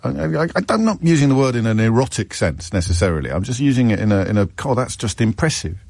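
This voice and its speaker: A man's voice: mid-range voice, expressive, quick pace, gravelly, a little mellow, dry recording. A male phone-in radio host in a studio, musing aloud with lots of stammered restarts. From England. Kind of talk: casual radio talk. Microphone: studio mic.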